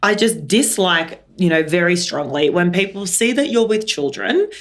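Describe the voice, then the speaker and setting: A woman's voice: on the low side, lively intonation, normal speed. Aussie woman podcast host, 30s, telling a story, lots of acting out the other people. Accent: Australian. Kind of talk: casual chat.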